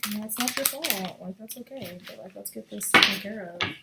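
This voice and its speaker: A woman's voice: mid-range voice, normal speed, creaky. A woman giving a casual, chatty tarot reading, talking bluntly and swearing freely. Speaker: tarot reader. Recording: echoey room with faint noise.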